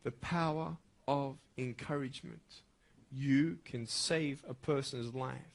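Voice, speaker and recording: A man delivering a motivational speech at a school assembly, emphatic and swinging from loud bursts to hushed intensity. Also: mid-range voice, slow, vocal fry. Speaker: motivational speaker.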